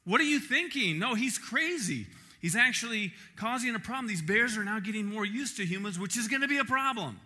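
A man's voice: high-pitched, lively intonation, a little fast, few pauses, bright, forceful tone, voice pushed up, exaggerated voice. A man voicing an alarmed male park ranger giving urgent, exasperated warnings.

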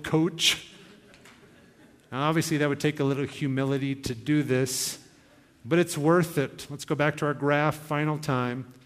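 Earnest young pastor preaching in a hall. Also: male voice, a little high. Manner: earnest, exhorting, with quoted asides. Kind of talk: sermon. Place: church hall. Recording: long hall reverb.

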